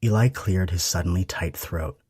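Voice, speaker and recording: Give me a man reading an audiobook softly and intimately, with a husky, deep voice. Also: normal speed, no echo, studio quality. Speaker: audiobook narrator. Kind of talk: scripted narration.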